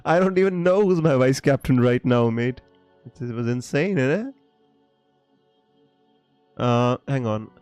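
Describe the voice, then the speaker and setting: A man hosts a fantasy football livestream, chatting casually with his viewers. He's excitable and theatrical, laughing often and breaking into loud exclamations. His mid-range voice is clear and resonant, with no room sound and faint background music.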